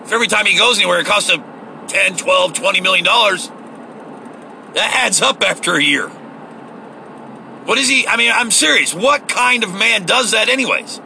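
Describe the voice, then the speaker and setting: A man's voice: high-pitched, normal speed, gravelly, pauses often, bright, forceful tone, a little hiss or hum, poor audio. A man giving a heated, profane, sarcastic political rant, recorded in a car. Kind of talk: ranting political monologue.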